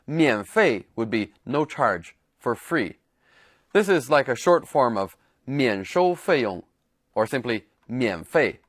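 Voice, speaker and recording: A man's voice: mid-range voice, sing-song, slow pace, dry recording, studio quality. A man teaching a language lesson, explaining words and repeating example phrases in a scripted narration.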